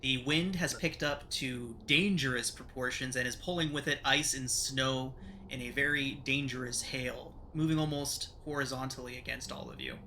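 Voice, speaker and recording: Bright-voiced man narrating a tabletop game. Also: mid-range voice, animated, slight background noise. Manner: descriptive, measured narration. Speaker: game master.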